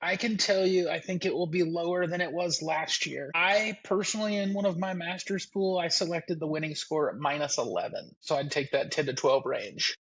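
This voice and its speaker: A man talks golf as a podcast guest, his voice a little high and husky. He starts hesitantly but sounds keen. The line is dull and lo-fi. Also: moderate pace, hardly any pauses, a bit bright. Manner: hesitant, enthusiastic. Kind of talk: casual sports chat.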